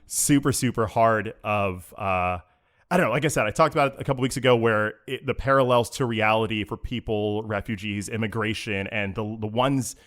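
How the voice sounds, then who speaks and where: A man's voice: lowish voice, a little fast, a bit bright. A man co-hosting a podcast, earnestly telling a story in casual chat, often restarting his sentences. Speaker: podcast co-host.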